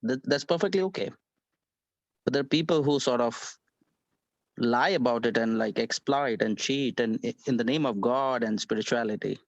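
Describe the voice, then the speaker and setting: A man's voice: medium pitch, moderate pace, dry recording. An earnest man joins an online spiritual class, picking up speed when he argues a point. His voice comes through dry and a little dull, like a lo-fi call. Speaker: class participant. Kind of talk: class discussion and poetry reading.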